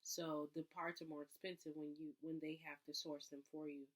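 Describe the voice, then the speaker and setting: A woman talking casually to her viewers in a confessional vlog, reflective and chatty, full of "like" and "um", breaking into louder, higher bursts when she vents. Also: flat delivery, fairly quick. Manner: chatty, reflective, filler-heavy with frequent "like" and "um"; jumps into higher, louder acted outbursts when venting. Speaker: vlogger.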